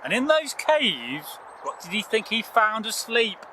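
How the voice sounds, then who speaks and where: A man telling a folktale to a child in a playful, animated way, with drawn-out phrasing. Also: sits high, a little hiss or hum, low-quality recording. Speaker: storyteller.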